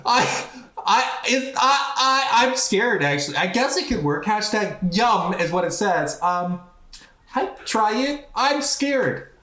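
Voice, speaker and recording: A man's voice: high-pitched, very animated, takes it slowly, bright, forceful tone. Hesitant man hosting a game show, roomy sound. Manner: hesitant, filler-heavy, amused. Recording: roomy echo.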